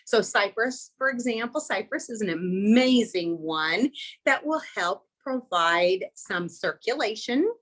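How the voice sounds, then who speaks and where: A woman's voice: mid-range voice, animated, a little slow, a bit bright, low-quality recording. A woman in her fifties gives an informal presentation to a small group, earnest and encouraging, often reading passages and affirmations aloud from a book. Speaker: workshop presenter.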